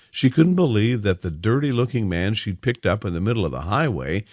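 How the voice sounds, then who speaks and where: Lively male story narrator. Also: lowish voice, no room sound, clean studio sound.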